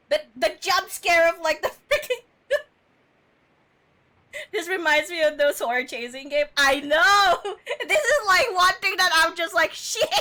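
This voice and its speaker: A woman streamer giving live gameplay commentary, excitable, laughing and swearing as she plays. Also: very high voice.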